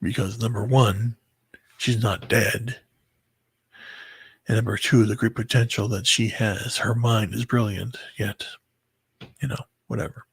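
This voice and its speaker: Man, husky and gravelly, halting storyteller full of "you know"s, dry close sound. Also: fairly low pitch, fairly even intonation, no echo. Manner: halting and rambling, heavy filler words, bitter. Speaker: person recounting a breakup. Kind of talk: emotional personal storytelling.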